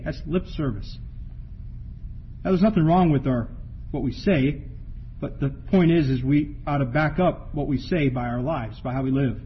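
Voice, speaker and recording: A man's voice: on the high side, slight background noise. A man preaching a sermon, reading Bible verses aloud and repeating key phrases for emphasis. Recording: dull lo-fi sound.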